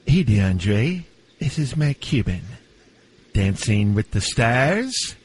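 A man's voice: mid-range voice, sing-song, slow pace, slightly rough, heavily acted. A man playing a frantic, rambling billionaire team owner who leaves nervous, pleading voicemails in a comedy sketch.

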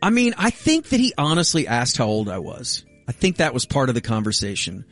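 A man's voice: medium pitch, huge pitch swings, brisk, a bit bright, faint music behind. A middle-aged man hosting a radio show, telling a self-mocking story in casual banter.

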